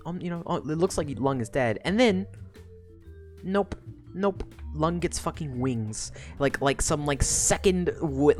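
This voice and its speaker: A woman streamer casually recapping a story, swearing a lot and laughing often. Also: a bass voice. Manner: profane, animated, laughs often.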